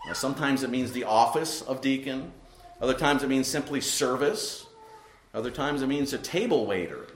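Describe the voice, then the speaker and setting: A man's voice: medium pitch, animated, normal speed, a little hiss or hum. A man preaching an expository sermon as pastor. He talks emphatically, repeats key words and keeps asking "right?" as he explains a passage. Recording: echoey room.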